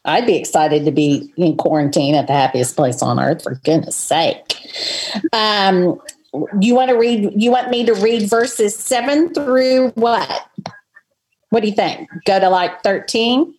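A woman talks through a Bible passage with earnest, expressive warmth of delivery. Her voice is soft and breathy, pitched in an ordinary middle range, and she moves easily between reading scripture aloud and casual commentary. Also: measured pace. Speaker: podcast co-host. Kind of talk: casual Bible study chat.

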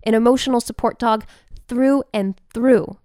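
A woman telling a personal story in an animated, expressive way, with quick bursts. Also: on the high side, no room sound, studio quality.

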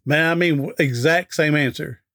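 A man's voice: a little high, moderate pace, fairly bright tone. A middle-aged man, a guest on an interview podcast, telling a folksy anecdote in a chatty way and acting out the dialogue. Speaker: interview guest, author and speaker.

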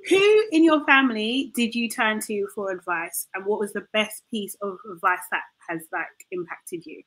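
A woman's voice: medium pitch, normal speed, fairly bright tone, rough recording. A woman co-hosting and asking questions, hesitant and apologetic with many fillers. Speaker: co-host. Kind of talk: casual interview questions.

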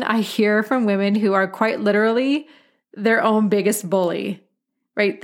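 Give me a candid woman podcast host in her thirties, chatty and direct. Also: medium pitch. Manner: candid, chatty, peppered with mild swearing. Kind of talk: casual podcast monologue.

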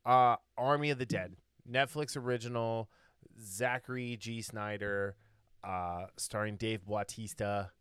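A young man with a somewhat low voice hosts a podcast in easy, chatty banter and laughs often. The recording is dry and close. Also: steady tone, measured pace, fairly bright tone, smooth, no room sound. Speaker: podcast host. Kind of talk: casual chat.

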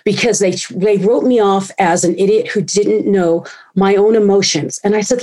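A woman in her forties telling her story as an interview guest, animated and acting out the people she quotes. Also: mid-range voice, normal speed, hardly any pauses, low-quality recording. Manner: animated, acts out quoted voices. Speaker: guest speaker and author.

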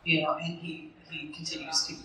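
A woman's voice: low-pitched, flat delivery, moderate pace, sharp tone, recorded from a distance, a little hiss or hum. Woman on a panel in an echoey hall. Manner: jokey and rambling, laughing often. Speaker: actress on a convention panel. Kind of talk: convention panel chat. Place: convention stage.

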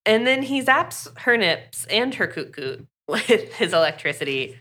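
A woman's voice: medium pitch, big pitch swings, unhurried, bright, forceful tone, a little hiss or hum. A woman co-hosting a podcast, chatting casually and acting out characters' lines with lots of "like". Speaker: podcast co-host recapping a book. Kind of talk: casual chat.

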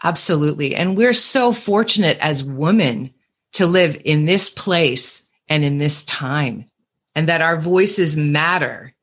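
A woman with a low, husky voice, a singer and voice coach appearing as a guest on a podcast. She explains her points carefully and backs them up with examples, in a relaxed, conversational tone. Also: measured pace. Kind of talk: casual interview chat.

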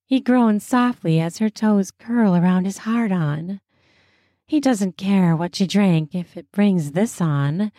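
A woman narrating a story in a slow, soft, intimate way. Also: mid-range voice, no echo, clean studio sound. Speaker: storyteller and host.

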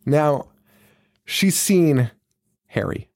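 A man's voice: on the high side, animated, drawn-out words, darkish tone. A man co-hosting a podcast, chatting casually and profanely as he recaps a movie, laughing and acting out scenes. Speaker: podcast co-host.

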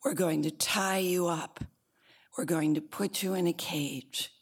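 A woman's voice: on the low side, fairly even intonation, measured pace, husky. A woman voicing a band of mean, cynical monkeys who threaten and scorn. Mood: scornful.

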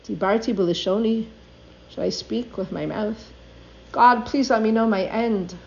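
Heard through a dull, lo-fi recording, a Torah teacher speaks with a darkish, mid-range voice. The older woman reads religious passages aloud and translates each one in an earnest talk.

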